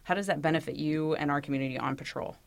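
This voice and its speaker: A woman police sergeant asking interview questions in a brisk, plain way. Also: low voice, fairly even intonation, creaky.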